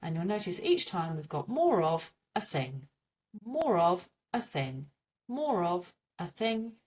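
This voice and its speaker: A woman's voice: lowish voice, very animated, takes it slowly, a little mellow, far from the mic. A woman with an English accent teaching a French pronunciation lesson, patiently repeating little memory tips.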